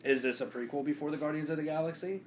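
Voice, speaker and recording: A man's voice: fairly high pitch, quick pace, slight background noise. A man talking casually on a podcast in a laid-back, loose and slangy way. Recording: echoey room.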